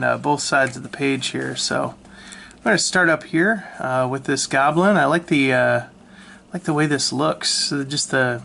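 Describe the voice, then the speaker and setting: A man casually talking through his old sketchbook, relaxed and self-mocking, with lots of ums and restarts, recorded on a handheld camera. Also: mid-range voice, gravelly, a little hiss or hum. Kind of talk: casual rambling commentary. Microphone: handheld camera mic.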